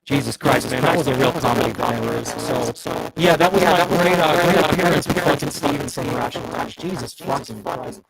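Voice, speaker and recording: A man hosting a live stream, talking loudly with constant swearing, frustrated and apologetic. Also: medium pitch, a little fast, creaky, very noisy. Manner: loud, profane, frustrated and apologetic. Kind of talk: casual live stream chat.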